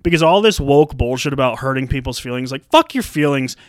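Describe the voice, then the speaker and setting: A man's voice: mid-range voice, expressive, a little fast, dry recording, clean studio sound. A young man co-hosting a podcast in casual chat, blunt and profane as he rants. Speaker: podcast co-host.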